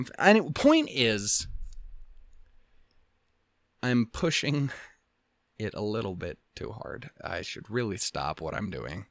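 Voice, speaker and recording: A man's voice: lowish voice, fairly bright tone, no room sound. A young man hosting a let's play, reading a visual novel aloud with casual, profane, rambling and self-mocking asides. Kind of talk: casual gameplay commentary with read-aloud dialogue.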